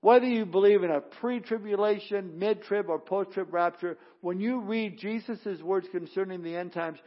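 High-voiced preaching pastor. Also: male voice, highs cut off. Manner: preaching with rising emphasis and frequent restarts. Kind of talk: sermon.

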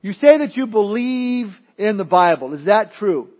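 A booming, scornful older atheist , as a preacher puts him on, firing sarcastic questions in a high, pressing voice. The recording is dull and lo-fi, with the top end muffled. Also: male voice, animated, moderate pace. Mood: mocking. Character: older male atheist intellectual, mocking, booming.

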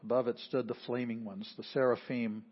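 A pastor preaching a sermon, explaining patiently and repeating phrases for emphasis. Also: male voice, medium pitch, flat delivery, brisk, breathy edge. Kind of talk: sermon teaching. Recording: slightly dull lo-fi audio.

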